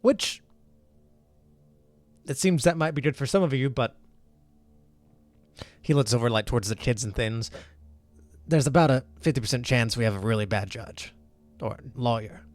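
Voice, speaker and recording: A man voicing a weary male prisoner who gives measured, grim warnings. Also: medium pitch, expressive, no room sound, faint music behind, lightly acted. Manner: measured, warning, matter-of-fact.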